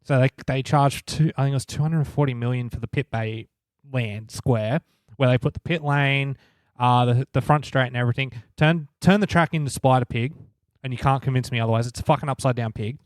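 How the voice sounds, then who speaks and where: A man's voice: mid-range voice, fairly quick, dry recording, clean studio sound. Blunt, opinionated man. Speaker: podcast co-host. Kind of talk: casual sports chat.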